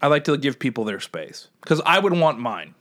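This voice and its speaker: A young man co-hosting a podcast, telling an animated story in casual chat. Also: moderate pace. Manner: animated, laughs while telling stories, jumps into high excited voices. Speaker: podcast co-host.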